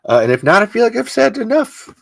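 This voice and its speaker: A man's voice: very high voice, very animated, fast talker, vocal fry, fairly bright tone, no room sound. A man hosting a podcast, rambling and joking in casual chat. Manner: rambling, joking, self-mocking. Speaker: podcast host.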